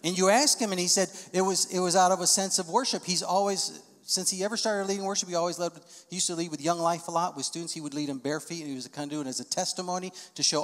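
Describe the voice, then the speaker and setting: A man preaching a sermon as a pastor, his voice sitting a little higher than most men's. He reads the text aloud, then breaks into lively, raised quoted voices to act out the people in the story. The sound rings with long reverb from a large hall. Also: fast talker, hardly any pauses. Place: church auditorium.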